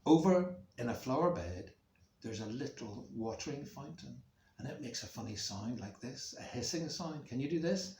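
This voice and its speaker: A male music teacher slowly reads a story aloud for schoolchildren, expressively making sound effects in a mid-range voice. He records at home in a room near a main road with the window open; the audio has a roomy echo and a little hiss or hum.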